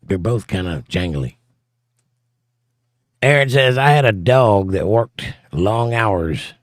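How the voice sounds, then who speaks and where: A man's voice: lowish voice, animated, takes it slowly, dry recording, clean studio sound. Wry man reading chat on a livestream. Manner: wry, joking, reads comments aloud.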